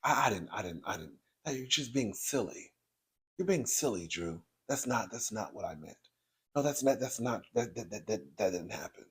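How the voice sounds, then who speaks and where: A man mimicking a soft-spoken husband who keeps stammering and playing the victim, in a hushed, halting voice. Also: fairly low pitch, animated, breathy edge, pitched below the performer's own voice, heavily acted. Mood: mock-innocent. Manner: hushed, halting, stumbling over words.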